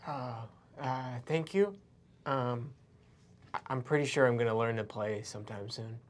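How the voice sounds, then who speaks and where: A man's voice: medium pitch, normal speed, slight background noise, lightly acted. A man voicing a shy, awkward teenage barbarian boy in a tabletop game, stammering and apologetic.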